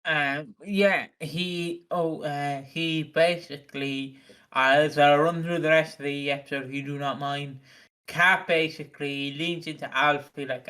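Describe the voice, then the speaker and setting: A man's voice: a little high, fairly even intonation, measured pace, pushed and bright, clean tone. A man from Britain co-hosting a podcast, joking casually with lots of hesitant ums while recapping a soap. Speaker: podcast co-host.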